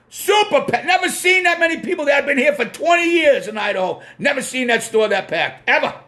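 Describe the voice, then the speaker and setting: A man with a Boston accent and a strikingly high voice, chatting through a casual live stream. He talks bluntly, drifts from point to point, swears freely and stops to greet viewers by name. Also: fairly bright tone. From Massachusetts.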